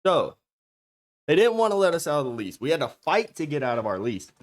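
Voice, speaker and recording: A man's voice: on the high side, big pitch swings, fairly quick. A man streaming from a home setup, chatting casually and profanely with his viewers in a rambling way. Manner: profane, rambling, talks straight to chat.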